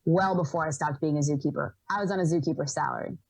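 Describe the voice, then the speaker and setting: A young woman from Rhode Island telling stories as a podcast guest, animated, laughing often and acting out what people said. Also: sits low, fast, creaky, slightly rough, no room sound, rough recording. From Rhode Island, USA. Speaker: podcast guest, environmental educator. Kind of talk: casual storytelling in an interview.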